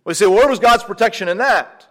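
A middle-aged American missionary preaches with a notably high voice, his accent faintly shaded by years of South African English. He talks to the congregation conversationally, then builds to animated emphasis and asks them questions. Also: quick pace. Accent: American, slightly mixed with South African English. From Pennsylvania, USA. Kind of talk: sermon.

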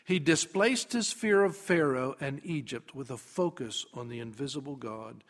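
A man preaching a sermon, dramatic, dropping to a hush and then rising to loud emphasis. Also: medium pitch, normal speed.

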